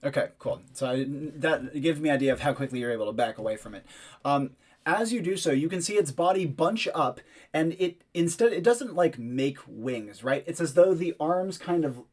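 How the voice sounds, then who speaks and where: A man's voice: a little high, normal speed, darkish tone. A man running a tabletop game as game master, giving vivid, descriptive narration with casual fillers.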